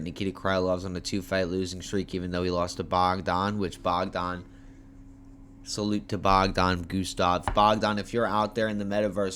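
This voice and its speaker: A fairly low-voiced man talks through fight picks in a loose, foul-mouthed, joking way. He is tired and yawning from the late hour. A faint hum sits under his homemade recording. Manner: animated, profane, playful trash talk. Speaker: MMA fight picks host. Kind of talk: casual fight preview talk. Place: homemade setup.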